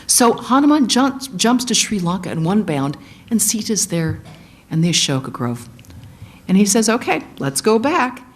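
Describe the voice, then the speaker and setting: A woman giving a sermon, retelling an epic as animated storytelling and acting out the quotes. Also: medium pitch, moderate pace. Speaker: guest speaker, monastic.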